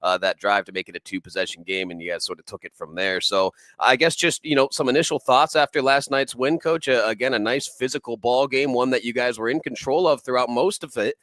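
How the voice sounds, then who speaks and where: A man hosting a local sports talk show, chatty and animated as he runs through scores. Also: mid-range voice, no echo. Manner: chatty, animated, with quick laughs.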